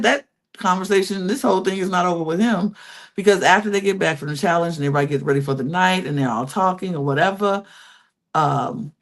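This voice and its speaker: A young woman co-hosting a casual reality TV recap podcast, talking in an animated, sassy, slangy way and often restarting her sentences. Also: low voice. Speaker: podcast co-host.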